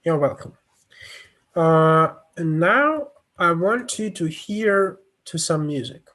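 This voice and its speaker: A man's voice: on the high side, animated, a bit bright. A man giving an online lecture over a video call, explaining on a shared screen with many fillers and restarts. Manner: halting, many fillers and restarts, non-native phrasing.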